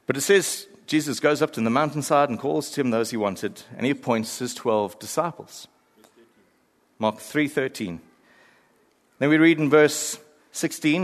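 A man preaching a sermon, animated and storytelling, acting out the voices of people he quotes. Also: mid-range voice. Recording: long hall reverb.

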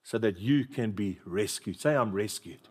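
A man's voice: lowish voice, normal speed, slightly rough. A man preaching a sermon, telling stories with humor and calling on the congregation to repeat after him. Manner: storytelling, humorous, call-and-response with congregation. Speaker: pastor.

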